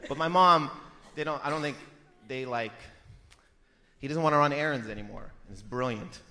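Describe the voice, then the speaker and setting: A man in his thirties doing a stand-up comedy set, telling animated stories and yelling out impressions of his family. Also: medium pitch, normal speed. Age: 30s.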